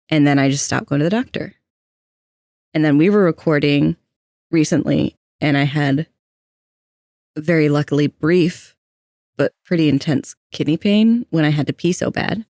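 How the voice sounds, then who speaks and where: A man's voice: a little high, normal speed, darkish tone, no echo, clean studio sound. A young adult trans man co-hosting a podcast, telling personal stories in a candid, anxious, self-deprecating way. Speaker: podcast co-host. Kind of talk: casual personal storytelling.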